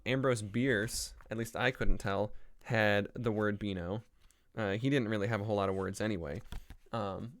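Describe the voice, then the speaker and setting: A man's voice: lowish voice, fairly bright tone. A man hosting a casual solo podcast, talking in a rambling way with frequent ums and likes. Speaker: podcast host.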